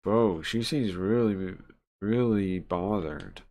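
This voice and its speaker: Male streamer, relaxed unhurried delivery, low voice, chatty commentary, voices character lines in bursts. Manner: chatty, laughs often, reads dialogue in raised voices. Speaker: streamer reading a game aloud. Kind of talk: casual live-stream commentary.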